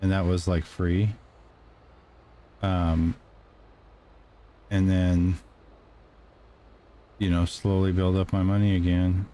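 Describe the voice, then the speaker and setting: A man's voice: low voice, little pitch movement, slow pace, pauses often, warm tone. A man streaming a farming game, talking casually with many ums and uhs as he plays. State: clearing throat, dusty room. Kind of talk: casual gameplay commentary.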